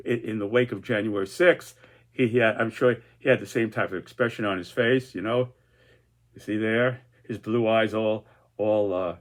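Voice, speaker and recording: A man's voice: lowish voice, fairly bright tone. A man presenting his own political cartoons in casual, rambling commentary, full of restarts and fillers.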